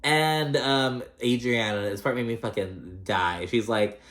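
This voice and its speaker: Brief: male recap vlogger, mid-pitched, catty and sweary, loose chatty delivery, room echo. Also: a little slow, fairly bright tone. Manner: chatty, gossipy and profane, with frequent fillers. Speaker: reality TV recap host. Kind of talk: casual recap commentary. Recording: roomy echo.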